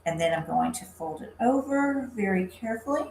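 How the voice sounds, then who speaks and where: A woman's voice: on the high side, lively intonation, moderate pace, gravelly, darkish tone, echoey room, a little hiss or hum, poor audio. A woman hosting a live craft demo, chatting upbeat with viewers by name while she works. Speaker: craft livestream host.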